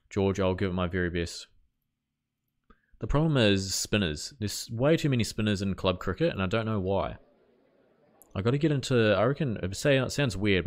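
A man from New Zealand with a Kiwi accent, live-streaming a game and chatting casually while reacting to play and answering viewer messages. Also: low voice. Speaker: gaming streamer. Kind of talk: casual live-stream chat over gameplay.

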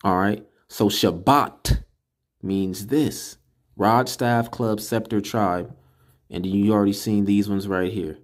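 A man giving a casual screen-recorded lesson, slowly sounding out syllables and repeating words to drill them. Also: fairly low pitch, fairly even intonation. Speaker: religious teacher. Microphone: computer mic while screen recording.

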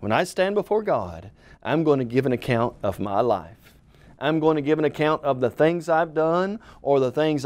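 A man preaching a televised sermon, stressing key phrases by slowing down and dropping his voice. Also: a little mellow. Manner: emphatic, slows and drops pitch on key phrases.

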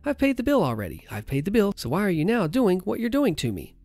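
A man doing a shrill, accusing angry mother. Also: wildly swooping pitch, fast, a little mellow, no echo, faint music behind, exaggerated voice. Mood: indignant. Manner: indignant, accusing, repeats herself. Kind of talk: narrated story reading.

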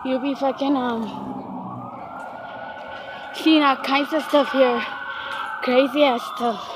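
A woman's voice: high voice, steady tone, slow pace. A woman vlogging to a handheld camera while walking uphill outdoors, chatty and out of breath. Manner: chatty, switches into Spanish with family. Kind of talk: casual vlog chat. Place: outdoors on a city street. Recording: noisy street background.

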